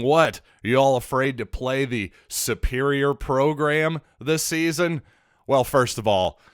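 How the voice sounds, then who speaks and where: A man hosting a solo sports podcast, talking in an animated, sarcastic way with rambling asides into a close mic. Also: medium pitch, dry recording. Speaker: podcast host.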